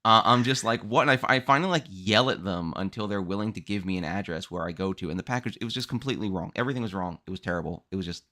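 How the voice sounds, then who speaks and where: Bright-voiced man ranting about mishaps. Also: deep voice, racing, hardly any pauses. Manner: animated storytelling, ranting. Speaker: podcast host. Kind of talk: casual chat.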